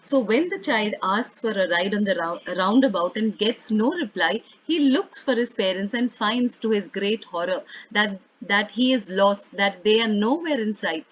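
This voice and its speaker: A woman's voice: mid-range voice, expressive, normal speed, hardly any pauses. A woman English teacher reading a story aloud expressively, then retelling it in simpler words for her students. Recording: dull lo-fi recording.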